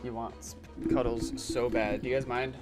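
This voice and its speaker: A young man streams a game live from his home desk, chatting casually in a flat, medium-pitched voice at normal speed. Game music plays behind him as he pleads with his cat in exasperation.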